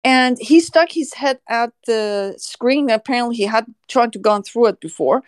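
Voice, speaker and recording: A woman's voice: fairly high pitch, expressive, moderate pace, no room sound. A woman animal services officer telling a story casually on a podcast, often laughing as she talks.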